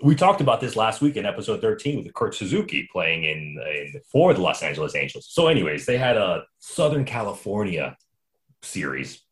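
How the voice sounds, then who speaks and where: A man hosting a casual sports podcast, telling stories in an animated, quick way with frequent restarts. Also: lowish voice. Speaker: podcast host.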